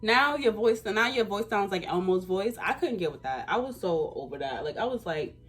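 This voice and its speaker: A woman's voice: medium pitch, lively intonation, moderate pace, husky, soft background music. A woman in her twenties telling a casual storytime, slangy and emphatic. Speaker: vlogger.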